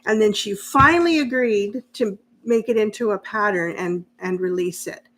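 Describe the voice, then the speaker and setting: Woman, sewing-stream host, chatty, quick to laugh, answers viewer comments while working. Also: mid-range voice, fairly bright tone. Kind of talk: casual live-stream sewing chat.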